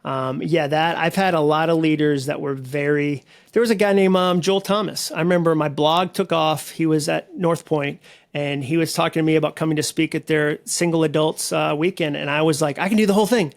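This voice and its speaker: A man with a slightly higher-than-average voice talks as a podcast guest. He tells stories animatedly, full of quick asides and self-deprecating jokes. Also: steady tone, gravelly. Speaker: guest speaker and author. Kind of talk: conversational podcast interview.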